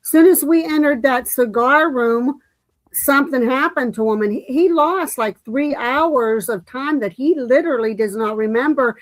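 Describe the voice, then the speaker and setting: A woman hosting a casual live-stream chat, telling a story in an animated way and quoting what others said. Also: high voice, moderate pace, dry recording, rough recording. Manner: animated storytelling with quoted voices. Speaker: livestream host.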